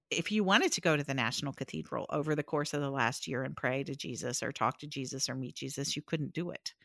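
A woman author and preacher telling a personal story in conversation, animated, laughing often and restarting her sentences. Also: sits low, no room sound, studio quality.

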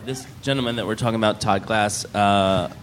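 A man's voice: lowish voice, a little fast, slight background noise. A man guest on a live comedy podcast telling a rambling story with many fillers and dry wit.

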